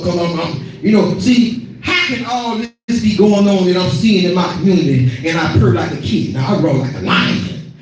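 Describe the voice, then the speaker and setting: A middle-aged male preacher with a very high voice, delivering a fervent sermon with shouted, repeated lines. He sounds distant from the mic, and his voice rings through a very echoey worship hall.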